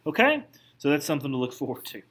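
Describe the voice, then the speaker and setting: The history teacher here keeps things conversational, pointing out details, questioning the class, and often restarting. His mid-range voice is fairly bright and moderately paced, with a little hiss or hum in the recording.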